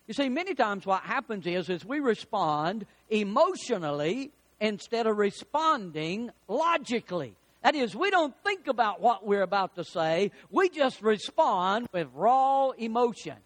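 A middle-aged male pastor preaching a sermon, animated and folksy, telling homely anecdotes between Bible readings. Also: sits high, normal speed.

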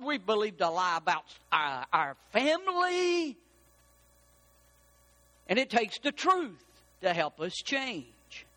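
High-voiced preacher guy, bright sharp tone, repeats stuff and gets loud. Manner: emphatic, repetitive, building to shouts. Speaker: pastor. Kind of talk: sermon.

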